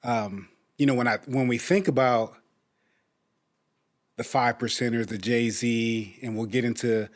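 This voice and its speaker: A man's voice: medium pitch, fairly even intonation, a little slow. A man co-hosting a faith podcast, thoughtful and affirming as he guides the discussion. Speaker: podcast co-host. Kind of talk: casual discussion.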